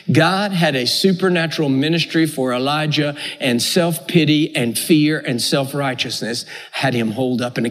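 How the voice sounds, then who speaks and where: A man's voice: on the high side, a bit bright. A man preaching a sermon with an emphatic, repetitive cadence. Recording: echoey hall.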